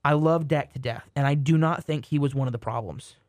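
A young man co-hosting a casual sports podcast, joking and rambling with quick restarts. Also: fairly high pitch, no echo. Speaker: podcast co-host.

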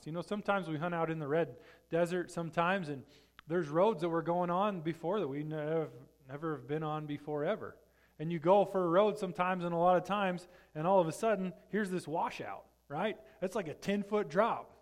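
A man's voice: fairly high pitch, brisk. Man, pastor, sermon, conversational, checks in with listeners. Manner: conversational, checks in with the congregation often. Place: church sanctuary.

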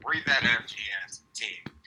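A man co-hosting a casual sports chat from his car, excitable and quick to laugh. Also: medium pitch, vocal fry, breathy edge, rough recording. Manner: excitable, laughs often, swears. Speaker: podcast co-host. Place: in a car on country roads.

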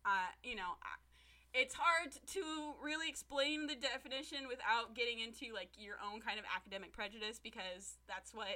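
A woman chatting casually as a podcast co-host, recapping a TV episode with profane, animated storytelling and acting out the characters' lines. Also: on the high side, moderate pace.

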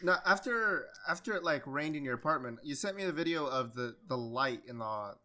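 A man's voice: fairly high pitch, lively intonation, brisk, sharp tone. A man in casual chat, listening easily and reacting with sympathy.

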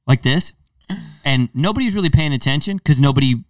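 A man's voice: medium pitch, fairly quick, no echo, clean studio sound, far from the mic. A man hosting a podcast, chatting casually and acting out voices as he tells stories. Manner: animated storyteller, acts out quoted voices. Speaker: podcast host. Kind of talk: casual chat.

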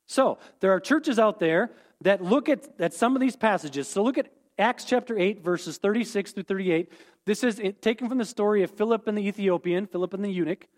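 A man teaching a Bible lesson, explaining terms and repeating key points, often checking in with "okay?". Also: high voice.

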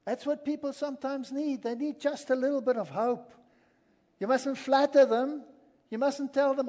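High-voiced preacher in a reverberant hall. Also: male voice, moderate pace, dark tone. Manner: earnest, emphatic, storytelling. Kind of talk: sermon. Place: large hall with an audience.

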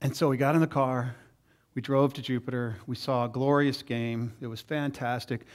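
Here a middle-aged man preaches at a moderate pace, his voice sitting in the mid-range. His sermon is told through animated stories in which he voices each person he quotes.

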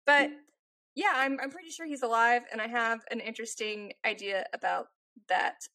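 A woman's voice: fairly high pitch, normal speed, sharp tone. A woman co-hosting a podcast in casual chat, teasing and playfully arguing her points. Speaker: podcast co-host.

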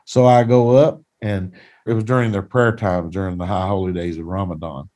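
A man's voice: low voice, fairly even intonation, normal speed, a little mellow. A man who is a pastor, telling a personal testimony in a plain-spoken, folksy, earnest way.

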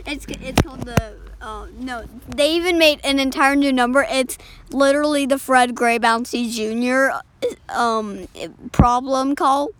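A woman co-host with a high voice tossing in playful asides during casual chat. She sits a bit away from the mic. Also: unhurried, a bit bright, a little hiss or hum.

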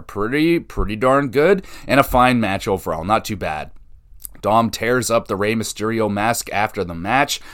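A man hosting a podcast, casually recapping wrestling shows, excitable and swearing freely. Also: on the low side. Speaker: podcast host.

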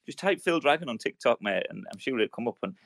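A man in his thirties tells rambling army stories at a rapid clip, thick with slang and swearing. His voice sits at an ordinary pitch and is recorded close and dry, with no room sound. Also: lively intonation, gravelly, a bit bright, dry recording. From United Kingdom. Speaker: podcast co-host. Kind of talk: casual chat.

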